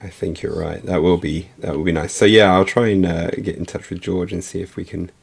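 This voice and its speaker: A man co-hosting a casual livestream chat, talking in a relaxed, chatty way with fillers. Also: deep voice, fairly quick, gravelly, breathy edge. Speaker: co-host.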